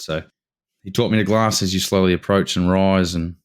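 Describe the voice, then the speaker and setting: An Australian man tells a story on a podcast, his voice very deep and smooth. He speaks in a fairly flat tone and rambles eagerly, restarting his sentences as he goes. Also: normal speed. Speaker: podcast guest. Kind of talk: casual storytelling.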